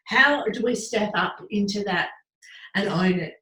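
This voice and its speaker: A woman's voice: mid-range voice, measured pace, pushed and bright. A woman in her forties hosting an interview, asking long, admiring, rambling questions. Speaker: host. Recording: roomy echo.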